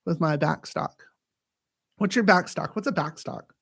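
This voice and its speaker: A man hosting a casual live-stream chat, jokey and animated and given to breaking into silly voices. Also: a little high, a little slow, creaky, breathy edge. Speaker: host.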